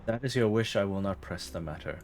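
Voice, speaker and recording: An undead dwarf lich offering a deal, read aloud by a man. The voice stays low and close to ordinary speech, more read than performed. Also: brisk, a little hiss or hum, close to an everyday voice. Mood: calm. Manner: reading game dialogue aloud, plain.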